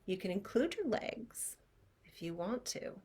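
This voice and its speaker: A woman teaching as a clairvoyant energy healer, leading a guided visualization in a chatty, expressive way that drops to soft near-whispers. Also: medium pitch, a little slow, breathy edge.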